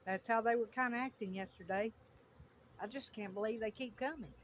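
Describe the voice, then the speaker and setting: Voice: medium pitch, brisk, a little hiss or hum. A beekeeper in a casual vlog, talking outdoors and exclaiming in awe while watching a swarm. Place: outdoors by a greenhouse. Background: buzzing bees.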